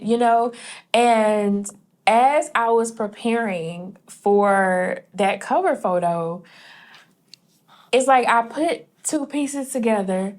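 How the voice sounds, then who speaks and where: A woman hosting a casual conversation with a brisk, chatty delivery, quoting others in a softer voice. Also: on the high side. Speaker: host, brand designer.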